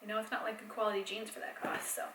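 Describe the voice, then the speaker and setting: A young adult woman chatting casually in a home vlog, rambling with fillers and soft laughs, a bit tired. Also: medium pitch, monotone, rapid-fire, echoey room, a little hiss or hum, low-quality recording. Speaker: vlogger and mom. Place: home, indoors.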